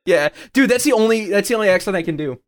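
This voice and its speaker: An excitable podcast co-host who swears freely and breaks into laughter as he talks. His voice sits a bit high for a man and sounds dry and close, with almost no room around it. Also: fast talker, no room sound. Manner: profane, excitable, laughs often. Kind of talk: casual chat.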